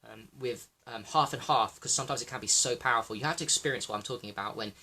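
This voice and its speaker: A man hosting a livestream, rambling excitably, swearing freely and talking to viewers by name. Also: mid-range voice, fast, slightly rough. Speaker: livestream host.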